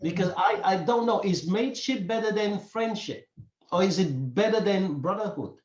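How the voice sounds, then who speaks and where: A man hosting a casual podcast chat, speaking earnestly and haltingly, repeating words as he thinks, English not his first language. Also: high voice. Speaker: podcast host. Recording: echoey, dull room sound.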